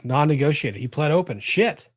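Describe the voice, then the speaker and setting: A man's voice: mid-range voice, lively intonation, moderate pace, dry recording, clean studio sound. A man hosting a live legal commentary show, thinking aloud, exclaiming and swearing as he reacts.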